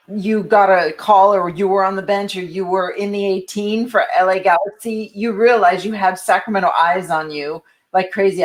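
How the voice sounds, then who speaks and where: Brief: female podcast host, casual, playful banter. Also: mid-range voice. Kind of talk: casual chat.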